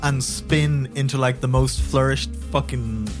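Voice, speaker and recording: A man playing a tabletop game who talks excitedly, laughs often and swears freely. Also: mid-range voice, unhurried, faint music behind. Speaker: player.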